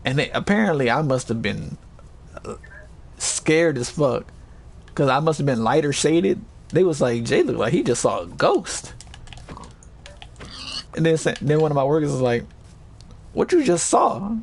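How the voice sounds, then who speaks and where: A man casually telling a story to his chat, animated and swearing, acting out other people's voices with high yells. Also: moderate pace, vocal fry, pauses often, a little hiss or hum.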